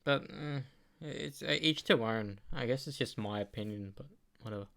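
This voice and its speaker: A man's voice: medium pitch, gravelly, fairly bright tone. A young adult man with an Australian accent, chatting casually and swearing now and then. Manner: slow, drawling, swears casually. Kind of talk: casual chat.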